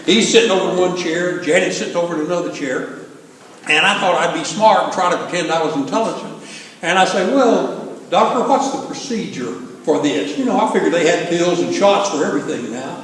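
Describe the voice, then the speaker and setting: A man's voice: fairly high pitch, fast, a bit bright, recorded from a distance, slight background noise. Folksy older man preaching in echoey hall. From American South. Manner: folksy storytelling, joking. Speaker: pastor. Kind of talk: sermon. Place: large church sanctuary.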